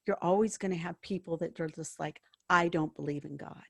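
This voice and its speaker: Woman guest, warm-hearted storyteller, slightly low pitch, dry booth-like recording. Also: fairly even intonation, fairly quick, creaky, husky, no room sound. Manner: earnest, storytelling, acts out quoted dialogue. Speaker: podcast guest, former hospice worker. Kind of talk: conversational interview.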